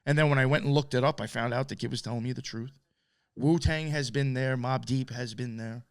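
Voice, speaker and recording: A man with a New York accent co-hosting a podcast, telling a story in a loose, animated way, swearing and laughing often. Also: medium pitch, fairly quick, smooth, dry recording. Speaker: podcast co-host. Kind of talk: casual storytelling chat.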